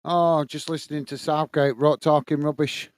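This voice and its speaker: A chatty man hosts a live football watch-along, with a fairly high voice that comes across smooth and clear. His sound is close and dry, with no room around it, as he keeps thanking viewers as "mate" and "guys". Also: flat delivery, moderate pace, dry recording. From England. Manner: reads out viewer messages and thanks them. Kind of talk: live stream chat.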